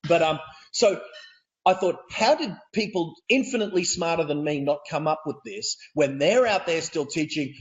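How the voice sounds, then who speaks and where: A man with an Australian accent, a real estate coach telling stories as a guest on a video call, energetic and laughing as he goes. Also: on the high side, muffled recording. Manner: energetic, laughing, repeats words. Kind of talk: animated storytelling.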